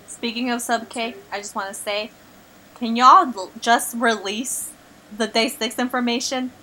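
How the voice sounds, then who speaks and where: A young woman co-hosting a casual podcast in a bright, sharp voice, a little higher than most. She talks fast and expressively, full of slang. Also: steady tone. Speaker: podcast co-host. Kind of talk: casual chat.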